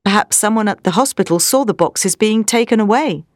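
Woman voicing a young gentleman on edge, urgent, dry close sound. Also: medium pitch, animated, brisk, dry recording, close to an everyday voice. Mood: tense. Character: frightened young nobleman.

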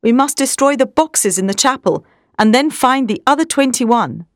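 Woman voicing grave elderly professor, commanding, lively pitch, dry sound. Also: moderate pace, dry recording. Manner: firm, commanding. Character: stern elderly male vampire-hunting professor.

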